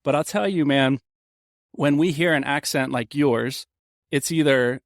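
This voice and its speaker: A man's voice: on the high side, moderate pace, no room sound, studio quality. A man from Cincinnati, chatting casually on a podcast and laughing along. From Cincinnati, USA. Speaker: podcast guest.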